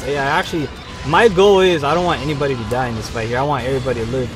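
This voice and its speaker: A man hosting a live gameplay stream, chatting in slang and cheering on his teammates with loud bursts of excitement. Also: medium pitch, rapid-fire. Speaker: livestream host. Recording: faint game music behind.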